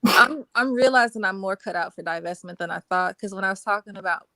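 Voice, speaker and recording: A woman's voice: medium pitch, fast, fairly bright tone, no echo, studio quality. A woman talking candidly in a casual group discussion over a video call. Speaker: panelist.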